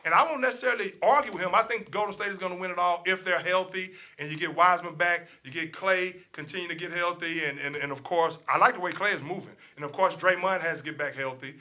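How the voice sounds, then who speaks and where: A man's voice: sits high, quick pace, hardly any pauses, pushed and bright. A man co-hosting a sports talk show, ranting his opinions with profanity and repeating himself as he gets worked up. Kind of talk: heated casual sports talk.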